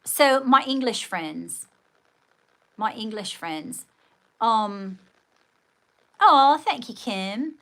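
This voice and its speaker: A woman's voice: on the high side, animated, drawn-out words, pauses often, a bit bright. A woman hosting a casual livestream, chatting with viewers and thanking them, often calling them darling. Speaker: livestream host.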